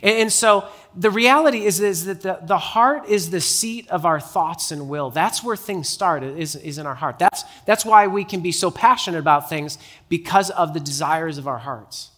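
Pastor, male, high bright voice, conversational sermon with stories. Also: moderate pace, hardly any pauses. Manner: conversational, repeats words as he restarts. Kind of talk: sermon with personal anecdote.

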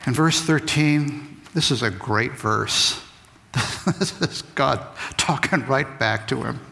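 A man giving a lively, conversational Bible lesson to kids. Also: medium pitch, slow pace, creaky. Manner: lively, conversational, acts out quotes. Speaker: Bible teacher. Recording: long reverb of a large hall.

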